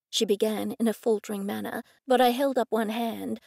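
A woman reads an audiobook in the first person. Her voice is fairly high, and her telling is clear and measured. The sound is close and dry, with no room echo. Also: fairly even intonation, darkish tone. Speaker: audiobook narrator. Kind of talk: scripted first-person narration.

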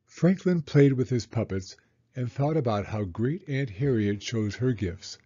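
Man, children's story read-aloud, animated pitch, muffled recording. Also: a little slow, slightly rough. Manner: expressive, animated reading. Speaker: children's book reader.

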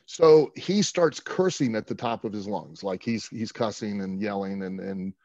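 A man's voice: on the low side, expressive, moderate pace, darkish tone, dry recording. A man, a show guest, telling a long road story in casual chat and acting out the quotes with animation.

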